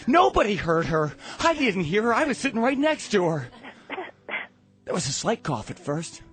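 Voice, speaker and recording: A man telling a comic family story in a theatrical way, swinging from loud to hushed. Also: sits high, very animated, normal speed, soft background music.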